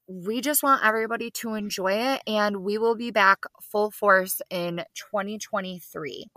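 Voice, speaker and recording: A woman's voice: medium pitch, pushed and bright, no echo. A woman co-hosting a podcast, chatting in an effusive, upbeat way with her friend. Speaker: podcast co-host. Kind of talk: casual podcast chat.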